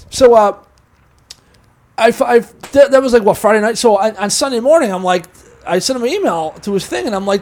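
A man's voice: very high-pitched, lively intonation, fairly quick, a little mellow. A man hosting a podcast, telling a long, profane, rambling story in casual chat. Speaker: podcast host.

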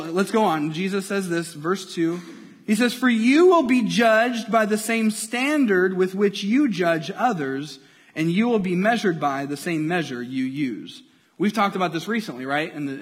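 High-voiced animated pastor in a reverberant hall. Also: male voice. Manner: animated, acts out scenes with playful voices. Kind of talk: sermon.

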